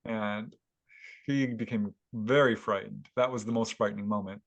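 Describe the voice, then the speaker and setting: A man's voice: on the low side, normal speed. Man retelling an encounter story. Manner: animated retelling with chuckles. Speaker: guest author and UFO investigator. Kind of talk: casual interview storytelling.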